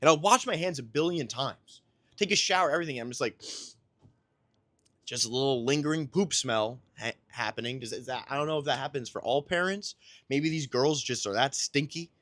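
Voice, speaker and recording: Rambling, self-mocking young dad chatting. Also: male voice, mid-range voice, brisk, a bit bright, no echo. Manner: rambling, self-deprecating storytelling. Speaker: podcast host and new father. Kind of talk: casual chat.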